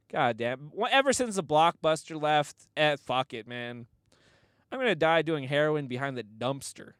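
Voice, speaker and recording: Rambling, profane man with a lively voice. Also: on the high side, normal speed, smooth, dry recording, clean studio sound. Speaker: podcast host. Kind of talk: casual comedic storytelling.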